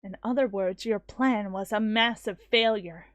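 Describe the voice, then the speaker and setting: A sharp, sarcastic young woman scientist from a visual novel talks in a lowered, dry, cutting tone, as a woman puts her on. She is matter-of-fact and unhurried, and the sound is close and dry. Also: no room sound, natural voice.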